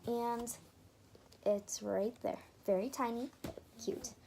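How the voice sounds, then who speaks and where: A woman's voice: fairly high pitch, fairly even intonation, takes it slowly, vocal fry, warm tone, a little hiss or hum. A woman hosting a casual DIY craft tutorial, chatting her way through each step and correcting herself as she goes.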